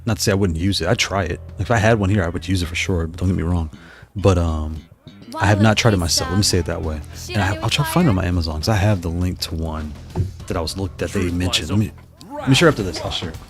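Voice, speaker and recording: Music plays in the background as a man chats with his live-stream audience mid-game, voice a bit hoarse. He speaks low and quickly, thinking aloud and restarting many times.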